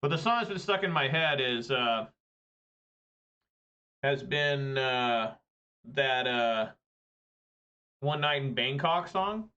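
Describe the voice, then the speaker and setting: A man with a bright, slightly tense voice chats through his card game, rambling into side stories and cursing when things go wrong. The recording sounds a little dull and muffled. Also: mid-range voice, lively intonation, takes it slowly, long pauses, clean tone. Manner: rambling, profane, chatty asides. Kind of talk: casual gameplay commentary.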